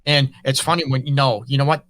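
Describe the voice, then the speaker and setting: A man's voice: medium pitch, steady tone, quick pace, a bit bright. A man hosting an interview as a relationship counselor, talking earnestly and frankly in loose run-on phrases. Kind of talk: conversational interview.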